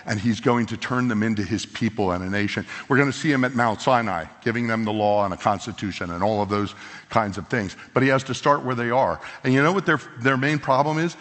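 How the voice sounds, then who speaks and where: A man preaching a sermon as pastor, animated and conversational, leaning into quoted lines. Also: medium pitch. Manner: animated, acts out voices of biblical figures in quotes. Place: church sanctuary. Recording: long hall reverb.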